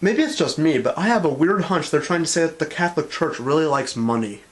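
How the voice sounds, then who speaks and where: A man delivers sarcastic review commentary, sounding exasperated and mocking. His voice sits a little high for a man, and it bounces around an echoey room. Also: animated, a little fast. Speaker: show reviewer.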